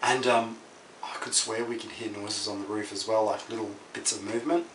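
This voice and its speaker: A man telling a spooky story in a casual way, swinging from loud exclamations to hushed whispers. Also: on the low side, steady tone, a little fast. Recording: echoey room, mic far off, noisy.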